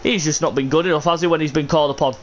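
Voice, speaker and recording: A man live-streaming a football video game, commentating his own match with frustration and bursts of shouting. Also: a little high, steady tone, rapid-fire, slight background noise.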